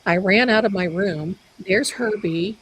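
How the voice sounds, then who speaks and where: A woman hosting a live stream, telling a story in an animated, chatty way. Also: medium pitch, measured pace, slight background noise, rough recording. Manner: animated, chatty, loud bursts of laughter. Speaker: psychic live-stream host.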